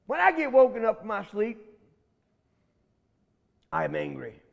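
A man voicing a vain, bullying male alligator in a loud, drawn-out threatening drawl. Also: high voice, sing-song, gravelly, in a large hall, full character voice. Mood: grumpy.

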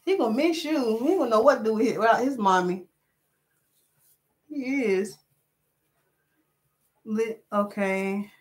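Woman, slightly high voice, chatty, animated, hair stylist live-streaming. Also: unhurried, pauses often. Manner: chatty, animated, reads comments aloud. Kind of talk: casual live-stream chat while braiding.

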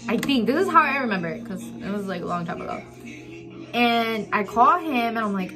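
A woman's voice: medium pitch, lively intonation, a little fast. Rambling young woman vlogger with music. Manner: rambling, filler-heavy, emotional. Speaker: beauty vlogger. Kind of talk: storytime while doing makeup. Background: background music.

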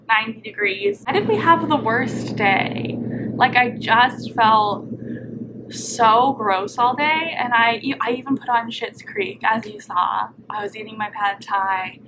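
High-voiced chatty young woman vlogging. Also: noisy background. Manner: rambling, lots of "like" fillers, animated. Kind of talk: casual chatty vlog. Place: apartment, indoors.

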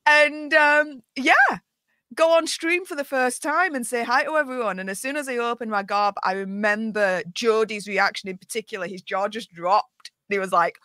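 A woman's voice: fairly high pitch, sharp tone, no echo. A woman from Yorkshire with a Yorkshire accent, telling stories as a podcast guest in casual chat. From Yorkshire, England. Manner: chatty storyteller, quick asides.

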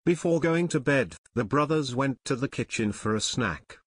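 A man narrating an unabridged audiobook in a steady, measured storytelling manner. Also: mid-range voice, husky, no room sound, studio quality.

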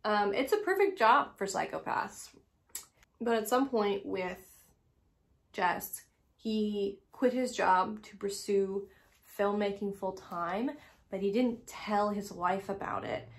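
A woman host spins a true crime story as casual comedy, stopping often for crude, sarcastic asides. She talks at an unhurried, drawn-out pace, with a voice sitting in an ordinary middle range. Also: mid-range voice, gravelly.

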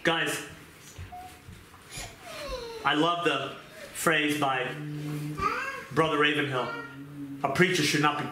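A man preaching a fervent sermon, moving from pleading prayer to quieter scripture reading. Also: a little high, fairly even intonation, slow pace, pauses often. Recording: echoey room with noise.

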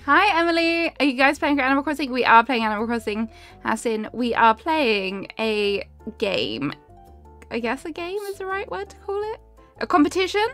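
A woman's voice: high voice, animated, moderate pace, fairly bright tone, soft background music. A young woman chatting casually on a live game stream, giggling and greeting viewers by name. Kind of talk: casual live-stream chat while gaming.

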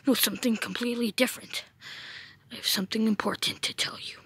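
A woman voicing a calm, scheming masked male knight villain in a low, hushed whisper, a whispered role-play. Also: fast talker, slightly rough, no echo, heavily acted.

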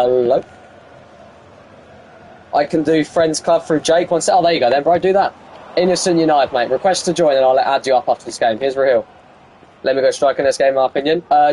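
A young man live-streaming a football video game, bantering with teammates over voice chat and shouting at the plays. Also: medium pitch, a little hiss or hum.

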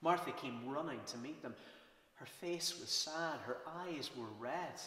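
A man with a Northern Irish accent reading a children's Bible storybook aloud, slow and expressive with dramatic pauses. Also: mid-range voice. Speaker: church reader. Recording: roomy, reverberant, from a distance.

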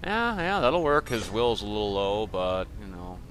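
A man's voice: on the low side, very animated, normal speed, a bit bright, soft background music. A man narrating a let's play, casually and sardonically, cursing and grumbling at the game's characters. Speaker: gaming commentator.

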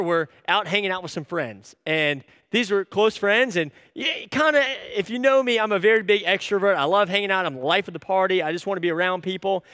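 A man in his thirties giving a sermon as an animated, self-deprecating storyteller. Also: high-pitched, no echo, clean studio sound, big-room sound. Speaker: church staff speaker.

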